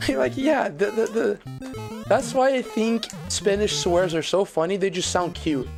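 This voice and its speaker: A Portuguese-speaking streamer from Brazil chats casually on a live stream, rambling with plenty of fillers and swears. His mid-range voice is steady in tone, slow, and edged with vocal fry, while music plays in the background.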